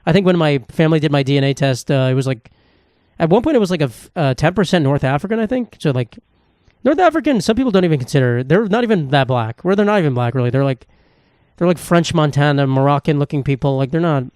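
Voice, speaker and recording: A man's voice: fairly high pitch, animated, fast talker, a little mellow, clean tone, no echo, studio quality. A man hosting a solo comedy podcast, rambling in a casual, sarcastic and profane way. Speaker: podcast host.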